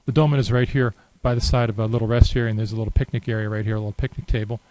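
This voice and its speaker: A man giving a relaxed, unscripted screen-recorded software tutorial, thinking aloud with many fillers. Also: lowish voice, very fast, low-quality recording. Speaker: software demonstrator.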